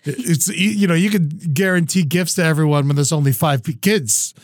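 A man's voice: fairly high pitch, normal speed, dry recording, studio quality. A man co-hosting a podcast, riffing playfully and laughing often. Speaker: podcast co-host. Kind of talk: casual comedic chat.

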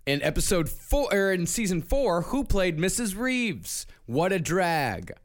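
A man's voice: high-pitched, sing-song, a little slow. A man co-hosting a podcast in casual chat, reading out quiz questions in a dry, matter-of-fact way.

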